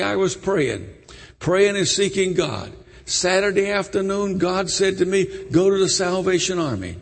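A man preaching, telling a story in an animated way with repeats and restarts. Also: high-pitched, creaky, slightly rough. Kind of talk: sermon storytelling. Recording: echoey hall.

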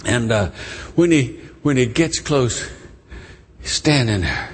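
A man preaching a storytelling sermon, animated and emotional as he retells a story. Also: mid-range voice, slow pace, pauses often, a little hiss or hum. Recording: long church reverb.

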